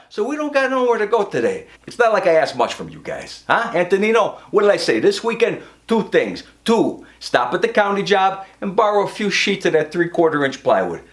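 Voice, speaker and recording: A man's voice: high voice, big pitch swings, a little fast, few pauses. A brash, profane man, performing a comic monologue as a construction boss scolding his crew. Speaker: comedian playing a construction boss.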